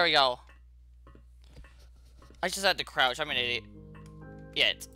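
A man hosting his gaming channel, narrating a horror game as he plays, jittery and saying how scared he is, with sudden loud yelps. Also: medium pitch, lively intonation, slow, long pauses, no echo, faint music behind. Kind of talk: horror game let's play commentary.

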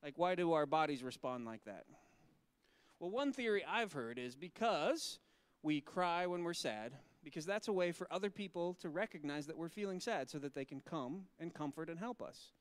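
A male pastor talking gently with children and asking them questions, then reading scripture slowly and solemnly. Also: a little high, expressive, clean tone, no echo.

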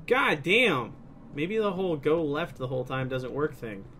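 Young male let's play host, bright high voice, excitable and profane. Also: moderate pace, slight background noise. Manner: excitable, swears often, bursts of laughter. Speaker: gaming video host.

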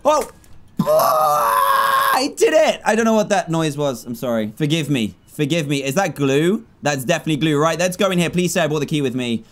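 A young man in his twenties who excitedly narrates his own moves while playing a video game, cheering out loud when he wins. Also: a little high, fast talker, few pauses. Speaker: gaming YouTuber. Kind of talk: gameplay commentary.

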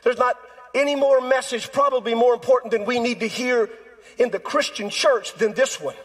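A male pastor preaches a sermon in a notably high voice. His tone is husky and breathy, and he acts out quoted voices with drama. The sound rings with long reverb from the church sanctuary. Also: normal speed, a bit bright.

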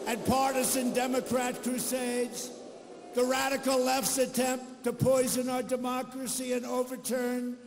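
A man's voice: very high voice, in a large hall. An older man giving a political rally speech, boastful and repetitive, full of off-the-cuff asides. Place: large arena rally.

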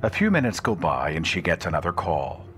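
A man hosting a podcast, narrating a spooky story in a measured, suspenseful way. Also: deep voice, sing-song, fairly bright tone, a little hiss or hum. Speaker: podcast host.

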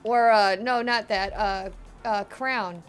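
A young woman gaming with friends over voice chat, giggly and excitable, swearing often. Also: mid-range voice, takes it slowly, clear, resonant tone, soft background music. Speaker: gamer in voice chat. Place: at home on online voice chat.

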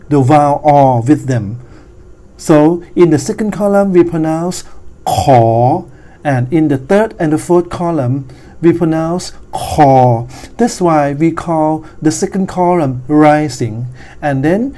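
A woman with a Thai accent, a native Thai speaker, teaching a recorded language lesson in English, explaining slowly and carefully and adding Thai polite particles. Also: low voice, mellow.

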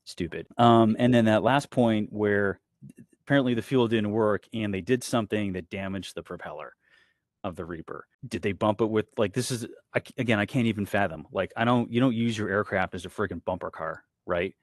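A former military pilot speaks in a low voice, fired up and exasperated, hammering his points home. The sound is dry and close, with no room around it. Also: fairly quick, dry recording. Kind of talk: animated panel discussion.

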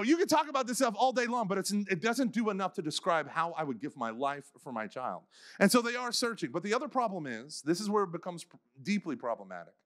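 A man's voice: high voice, fairly bright tone. A man giving a faith conference talk, telling stories casually with many "like" fillers and acting out the people he quotes. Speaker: conference speaker.

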